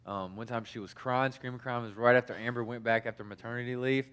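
Bright-voiced man preaching casually. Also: mid-range voice, fairly even intonation, quick pace, clear, resonant tone. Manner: conversational, many fillers and restarts. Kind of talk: personal-story sermon.

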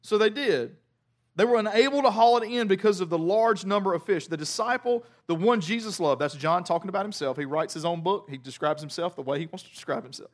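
A man preaching a sermon, retelling a scripture story in an animated, humorous way. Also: high-pitched, a little fast.

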